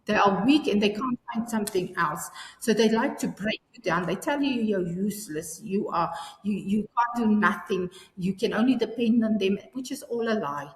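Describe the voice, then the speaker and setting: A woman's voice: mid-range voice, lively intonation, moderate pace. Earnest woman in an echoey room. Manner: earnest, repetitive restarts. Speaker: guest. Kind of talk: personal interview. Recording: echoey room with long reverb.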